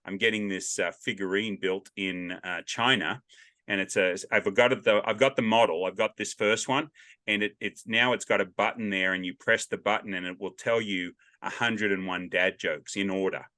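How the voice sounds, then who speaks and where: A man's voice: lowish voice, fairly even intonation, moderate pace, bright, forceful tone, no echo, studio quality. A man with an Australian accent hosting a casual interview, rambling and joking as he drifts off on tangents, speaking over a video call. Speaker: podcast host. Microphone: video call headset.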